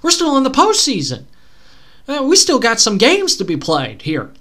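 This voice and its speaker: A man co-hosting a podcast solo, chatting casually and rambling with excitable, pleading outbursts. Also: extremely high pitch, normal speed. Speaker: podcast co-host. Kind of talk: casual solo sports chat.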